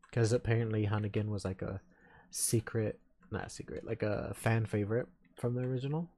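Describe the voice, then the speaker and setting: A man's voice: mid-range voice, creaky, mellow. A man hosting a solo gaming podcast, rambling casually and giving strong opinions with plenty of enthusiasm. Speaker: podcast host.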